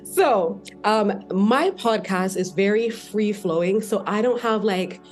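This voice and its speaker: A woman's voice: mid-range voice, expressive, takes it slowly, soft background music. Bubbly woman hosting a podcast. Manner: bubbly, free-flowing, easy laughter. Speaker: podcast host. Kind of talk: casual podcast interview.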